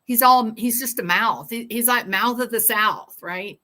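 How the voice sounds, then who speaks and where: Slow, bright-voiced sarcastic woman host. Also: a little high. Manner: sarcastic, rambling, laughing asides. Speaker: true-crime livestream host. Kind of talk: casual chat reading viewer comments.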